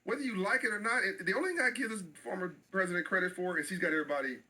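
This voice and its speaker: A man's voice: high voice, rapid-fire, pushed and bright, rough recording. A middle-aged man speaking as an interview guest, passionate and emphatic, often repeating phrases for stress.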